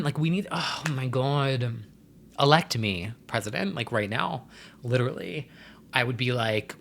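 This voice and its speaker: A man's voice: medium pitch, animated, measured pace, creaky, a bit bright. A young man hosting his own vlog, talking in a rambling, chatty way with sassy slang. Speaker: vlogger host. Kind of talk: casual chat to camera.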